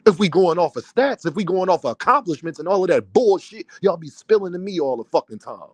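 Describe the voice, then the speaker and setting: A man's voice: high voice, lively intonation, a little fast, dry recording. Man, boxing streamer, angry rant, profane, worked up, dry recording. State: worked up and fuming. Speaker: boxing content creator. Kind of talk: livestream rant.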